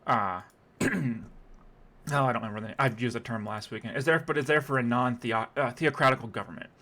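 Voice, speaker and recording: A man's voice: mid-range voice, brisk, sharp tone. A man streaming a casual reaction commentary, sarcastic and rambling, with many restarts.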